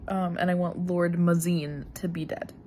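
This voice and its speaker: A young woman vlogging about a book she is reading, thinking aloud and reacting with giggles, gasps and sudden high exclamations. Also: flat delivery, normal speed, dark tone, a little hiss or hum. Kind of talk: casual reading vlog.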